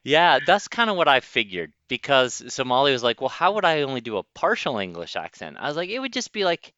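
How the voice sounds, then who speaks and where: A man's voice: medium pitch, sing-song, fairly quick, bright, forceful tone, no echo. A man co-hosting a podcast, chatting casually and laughing easily, heard through a backup mic. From United States. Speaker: podcast co-host. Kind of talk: casual chat. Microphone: backup mic, low fidelity. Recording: dull, dry lo-fi mic sound.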